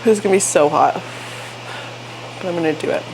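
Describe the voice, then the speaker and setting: A woman's voice: lowish voice, normal speed, noisy background. A young woman chatting casually in her apartment for a vlog, telling stories with lots of "like" and frequent swearing. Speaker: vlogger and fitness brand founder.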